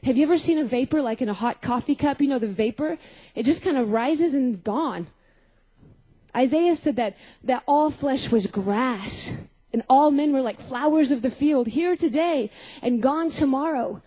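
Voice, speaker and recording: A young woman preaches a personal testimony, her voice high yet mellow and soft-edged. She tells her story with lively acted-out moments and keeps turning questions back to the listeners. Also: normal speed, rough recording. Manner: storytelling, questioning the audience, acting out scenes. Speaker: speaker at a Christian youth gathering.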